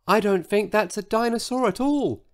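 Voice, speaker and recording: A man voicing a huge, gentle male dinosaur with a small, soft, breathy and timid voice in a children's story. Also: high-pitched, moderate pace, voice pushed up, close to an everyday voice. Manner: timid and earnest.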